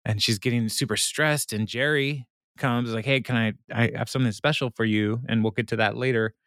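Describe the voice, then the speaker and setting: Here another male podcast co-host meanders through an episode recap, full of fillers and frequent laughter. He speaks a little fast at a medium pitch, with fairly even intonation and a fairly bright tone, captured in a dry, clean studio recording.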